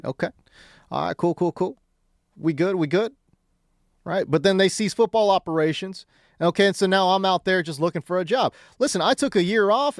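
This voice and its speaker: Man, sports talk radio host, high-pitched, emphatic, conversational, dry studio sound. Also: no room sound. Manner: animated, emphatic, repeats phrases for effect; conversational, with asides and laughs. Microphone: studio microphone.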